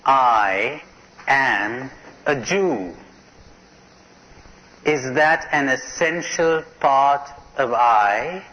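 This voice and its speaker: A man's voice: medium pitch, bright, forceful tone. A middle-aged man giving a live talk at a spiritual conference, asking his listeners questions and telling jokes. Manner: questioning, tells jokes to an audience. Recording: dull lo-fi cassette tape recording.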